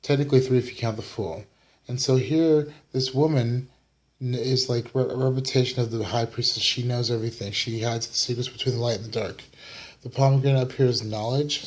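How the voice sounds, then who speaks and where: A tired young man from the United States giving a casual weekly tarot reading, rambling and apologizing for his yawns. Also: mid-range voice. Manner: rambling, apologetic, yawning, fillers. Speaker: tarot reader. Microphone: camera mic.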